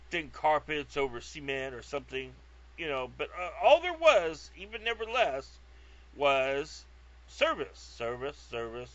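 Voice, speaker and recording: A man's voice: a little high, fairly bright tone. A man from California telling a rambling, comic story, digressive, profane and self-mocking, recorded on a lo-fi track. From California, USA. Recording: lo-fi dull sound.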